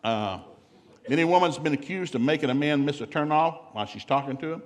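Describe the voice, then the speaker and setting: A man's voice: a little high, expressive, a little fast, some chatter behind. Man, middle-aged, marriage seminar speaker, folksy, joking, humorous talk. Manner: folksy, joking, acts out couples' dialogue.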